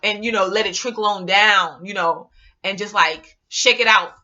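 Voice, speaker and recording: A woman vlogger talking casually to her viewers in an animated, rambling, slangy way. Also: mid-range voice, moderate pace, highs cut off. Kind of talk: casual monologue to camera.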